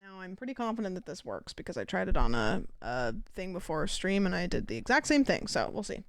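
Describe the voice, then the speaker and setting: Woman, livestreamer, casual gaming chat, sweary, lively pitch, dry close mic. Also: a little fast, no echo. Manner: chatty and animated, swears freely.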